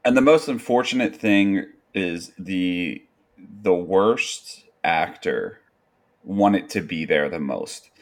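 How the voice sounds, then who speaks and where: A man chatting casually as a podcast guest, in a slow, laid-back way. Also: low voice, expressive. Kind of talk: casual chat.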